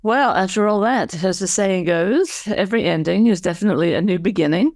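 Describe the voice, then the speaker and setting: A woman's voice: mid-range voice, a little fast, a little mellow, no echo, studio quality. A woman hosting a podcast, announcing news and moving the episode along in an upbeat way. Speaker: podcast host.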